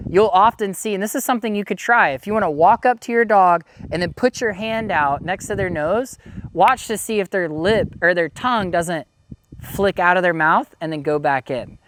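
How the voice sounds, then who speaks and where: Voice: mid-range voice, a bit bright. A dog trainer giving a casual instructional talk, easygoing and explanatory, often saying "you know".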